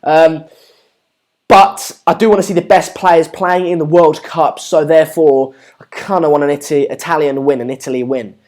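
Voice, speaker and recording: A man's voice: on the high side, steady tone, normal speed, a little mellow. A British man hosting a casual football watchalong livestream, chatting and reading out viewer comments with frequent ums and uhs. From Britain. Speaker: livestream host. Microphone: home streaming setup.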